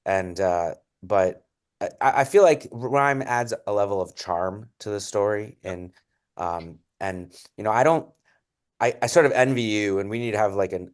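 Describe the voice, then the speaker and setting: A children's author in casual conversation, a man who talks in an animated, rambling way. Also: sits low, normal speed.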